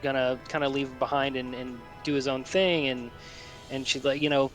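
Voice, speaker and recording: A man who is a father, talking casually about a film in a thoughtful, halting way. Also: mid-range voice, fairly even intonation, soft background music, rough recording. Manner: thoughtful, halting, many restarts. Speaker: guest co-host.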